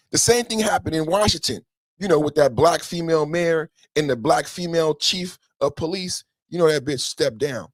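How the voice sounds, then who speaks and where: A man's voice: a little high, dry recording. A male podcast host giving a heated political rant, full of swearing and repeated rhetorical questions.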